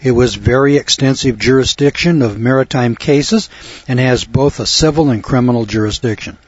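A man's voice: mid-range voice, normal speed, breathy edge, no echo. A man giving lecture-style radio commentary, folksy and sardonic, with a lecturing cadence, recorded on a dull lo-fi radio recording.

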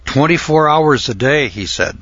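An older man telling a folksy, rambling story from his youth, often pausing with uh and clearing his throat. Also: fairly high pitch, lively intonation, fairly bright tone, no room sound, highs cut off. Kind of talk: folksy spoken reminiscence.

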